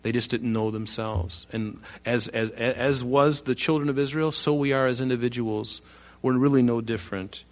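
A male preacher delivers a sermon with lively energy. He drops to quiet asides, then rises sharply as he acts out the people in the story. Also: mid-range voice. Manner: animated, acts out quoted voices with loud rising bursts.

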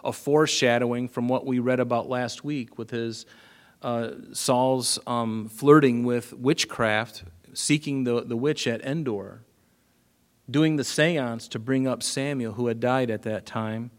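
A male pastor giving a conversational sermon, telling a story with loud and soft stretches and casual asides. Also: medium pitch, steady tone, a little slow.

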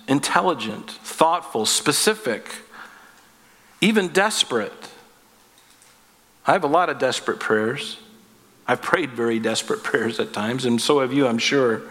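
A man's voice: mid-range voice, a bit bright. A man preaching a sermon with emphasis, asking rhetorical questions and adding wry asides. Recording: long hall reverb.

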